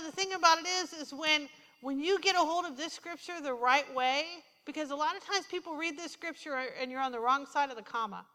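Woman preacher, high and bright, lively storytelling sermon, church hall reverb. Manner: animated storytelling, quoting herself and others. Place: church sanctuary.

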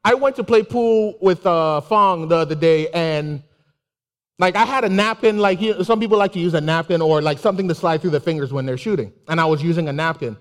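A man giving a casual, animated sermon with personal stories, laughing and exclaiming often. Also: fairly high pitch, a little fast. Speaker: preacher. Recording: long hall reverb.

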